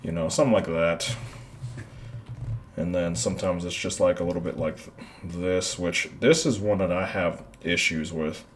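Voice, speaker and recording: A man streaming his art, chatting casually and thinking out loud with lots of fillers as he draws. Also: low-pitched, steady tone, normal speed, a little hiss or hum. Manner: rambling, thinks aloud with many "like"s. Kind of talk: casual commentary while drawing.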